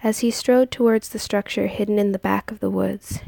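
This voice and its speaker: A woman narrating a story in a soft, hushed, partly whispered reading. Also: mid-range voice, fairly even intonation, moderate pace, creaky, dry recording.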